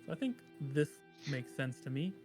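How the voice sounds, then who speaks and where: A man playing a tabletop game, talking excitedly and swearing with friends. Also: medium pitch, normal speed. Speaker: player. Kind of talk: casual game chat. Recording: music behind.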